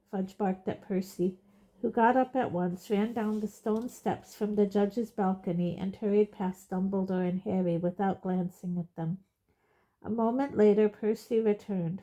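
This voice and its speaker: A woman reading a novel aloud in a steady narrating voice. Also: medium pitch. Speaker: audiobook reader. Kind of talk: storybook narration.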